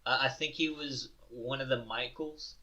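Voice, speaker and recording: A man's voice: medium pitch, steady tone, moderate pace, a loud crowd. A young man co-hosting a podcast in casual chat, easygoing, mostly giving short agreeing replies, who swears freely. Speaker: podcast co-host. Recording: slightly dull lo-fi mic.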